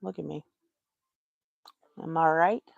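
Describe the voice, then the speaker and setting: Crocheting on a casual livestream, a woman from Texas mutters to herself in exasperation. Her voice is deep, creaky and slow, and the sound is lo-fi with no echo.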